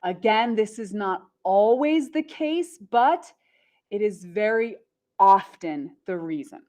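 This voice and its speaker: A woman teaching an English lesson, repeating words slowly and stressing syllables clearly. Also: medium pitch, animated, mellow. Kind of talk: slow, carefully enunciated English lesson.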